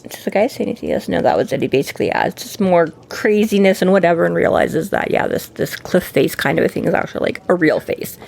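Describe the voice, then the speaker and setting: Rambling woman podcast co-host, low voice. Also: sing-song, fast, vocal fry, few pauses, darkish tone. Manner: rambling, many fillers and quoted asides. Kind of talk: casual book discussion chat.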